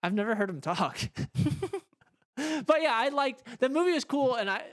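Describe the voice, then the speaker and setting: A man's voice: extremely high pitch, animated, moderate pace, a bit bright. A man co-hosting a podcast in casual chat, loosely trailing off mid-sentence. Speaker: podcast co-host.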